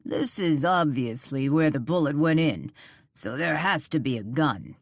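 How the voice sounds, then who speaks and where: A woman narrator voicing an angry man who shouts commands at a stranger, in an audiobook. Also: sits low, expressive, unhurried, dry recording, studio quality, full character voice. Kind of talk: audiobook character voice.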